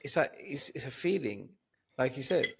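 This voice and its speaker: A man's voice: medium pitch, lively intonation, normal speed, gravelly, noisy background. A man chatting on a podcast as a comedian guest, tipsy and sleepy, rambling and swearing freely. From Cyprus. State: drunk and sleepy. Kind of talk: casual podcast chat.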